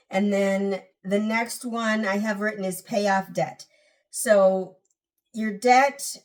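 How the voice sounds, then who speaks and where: A woman's voice: medium pitch, far from the mic. A woman hosting a personal finance channel, giving casual, emphatic advice straight to her viewers and repeating key points.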